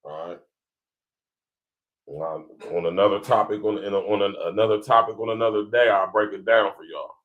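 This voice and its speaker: The audio is narrow and tinny, carrying a man's fairly low, steady voice at a moderate pace. He hosts a podcast in a Columbus, Ohio accent, casually addressing his live audience and frequently chuckling.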